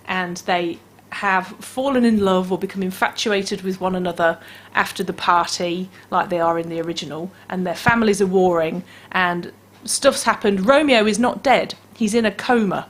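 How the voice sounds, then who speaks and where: A woman's voice: on the low side, moderate pace, few pauses. A woman with a New Zealand accent chatting as a radio book reviewer, reading out picture-book lines in playful voices. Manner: chatty, acts out story voices.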